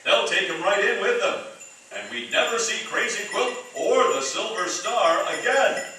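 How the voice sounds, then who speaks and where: A man's voice: sits high, lively intonation, normal speed, pushed and bright, far from the mic. A man voicing a jolly older Santa Claus driving his sleigh in an old radio drama, hearty and commanding. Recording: echoey old radio recording from afar.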